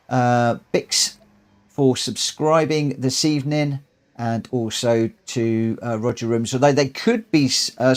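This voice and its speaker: A man live-streaming a racing game, tired, chatting excitedly through races and reading out the results. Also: mid-range voice. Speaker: live-stream host and sim racer. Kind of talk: live gameplay commentary.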